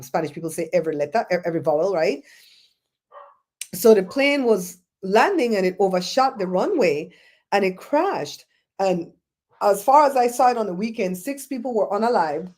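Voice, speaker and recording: A Belizean woman hosting a livestream, chatting in a rambling, animated way and answering viewers' comments. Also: fairly low pitch. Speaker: show host. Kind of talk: casual livestream chat, reading comments.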